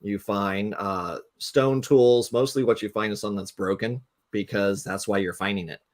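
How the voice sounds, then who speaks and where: A man's voice: fairly low pitch, fairly even intonation, moderate pace. A man, a guest game designer, telling a rambling anecdote with lots of fillers on a casual live talk stream.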